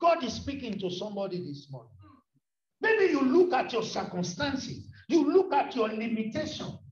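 A man preaching a sermon to a congregation in a church hall, impassioned and often shouting as he calls on the listeners. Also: very high voice, very animated, normal speed. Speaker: pastor. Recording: echoey hall, distant mic, muffled sound.

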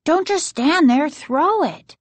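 Woman doing a cheeky little boy, high and eager. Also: very animated, takes it slowly, darkish tone, no room sound, heavily acted. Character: young boy, pesky little brother.

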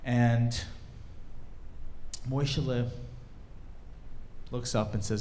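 A man giving a storytelling talk to a live audience at a cultural event, animated and casual, with fillers. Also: medium pitch, normal speed. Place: event hall stage.

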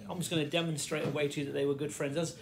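A middle-aged man from the Fens in England rattles off a rambling childhood story for his vlog, his slightly high, gravelly voice rapid-fire with little pitch movement. He interrupts himself often; faint radio music and background noise fill his home kitchen.

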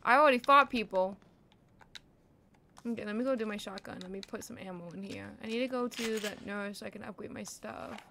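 A woman streamer casually talking through a horror game, often swearing and shouting in panic when chased. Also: medium pitch, fairly quick, gravelly, background noise. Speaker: gaming streamer.

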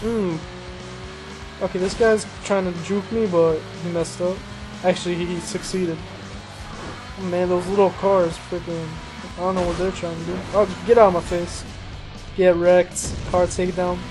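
A young man's high-pitched voice, at normal speed, carries a loose, rambling let's-play of a racing game. He jokes about himself and lets out excited exclamations as things unfold, while game music and car engine noise fill the background of a low-quality recording.

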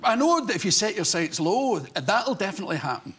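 A Scottish man in his sixties, a talk show guest telling comic stories in an animated way and acting out the voices. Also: high-pitched, brisk, slightly rough. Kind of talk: anecdotal storytelling on a chat show.

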